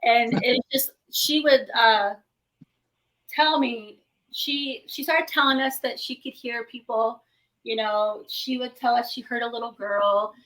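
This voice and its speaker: A middle-aged woman with a bright, clear voice that sits a little high. She tells her stories in an animated way and slips into the voices of the people she quotes. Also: unhurried, rough recording. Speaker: paranormal investigator guest. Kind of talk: casual interview storytelling.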